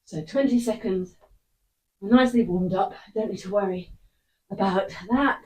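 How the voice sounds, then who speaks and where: A woman's voice: mid-range voice, measured pace, slight background noise. A woman coaching a workout follow-along, out of breath, giving short encouraging cues between efforts. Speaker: fitness instructor. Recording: voice picked up from a distance.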